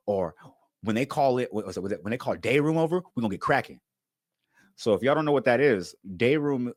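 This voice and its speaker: A man's voice: medium pitch, dry recording. A man telling a story from his time in jail, laughing often and acting out the dialogue. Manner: animated, laughing, acts out dialogue.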